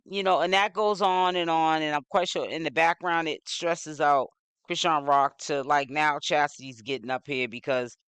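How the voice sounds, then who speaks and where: Bright, clear-voiced man commenting. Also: fairly high pitch, no room sound, clean studio sound. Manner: rambling, leans on "you know". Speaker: social media news commentator. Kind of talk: casual commentary.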